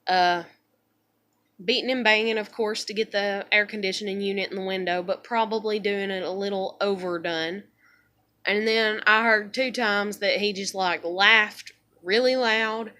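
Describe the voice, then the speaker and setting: A woman's voice: mid-range voice, fairly even intonation, normal speed, sharp tone. A woman venting in a blunt, profane, rambling monologue at home, a mother and vlogger.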